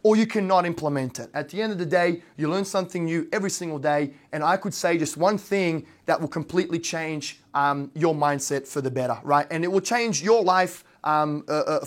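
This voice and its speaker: Rambling Australian man giving a presentation. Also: a little high. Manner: rambling, heavy on fillers and tag questions. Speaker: real estate investor and brokerage owner. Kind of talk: casual slideshow presentation.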